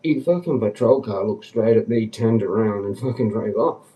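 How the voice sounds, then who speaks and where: A man rambling on a casual livestream, agitated and swearing, dropping to mutters and then jumping up in pitch. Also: lively intonation, fairly quick, lo-fi sound. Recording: distant from the mic.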